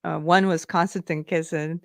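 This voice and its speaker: A woman's voice: lowish voice, fairly even intonation, moderate pace, creaky, no echo, studio quality. Outspoken woman hosting a live show. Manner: outspoken, chatty, reads viewer comments aloud. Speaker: livestream host. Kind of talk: casual commentary.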